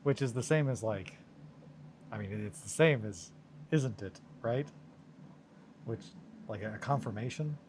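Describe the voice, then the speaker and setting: A man's voice: mid-range voice, measured pace, long pauses, a little mellow, a little hiss or hum. A man chatting casually and rambling with viewers from his home studio, self-mocking and swearing now and then. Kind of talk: casual chat.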